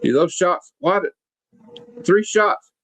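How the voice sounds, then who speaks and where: A man's voice: high-pitched, expressive, slow pace, a bit bright. A man hosting a comic review chat, casually retelling the plot with sound effects and asides. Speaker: podcast host reviewing a comic. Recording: dull lo-fi, dry.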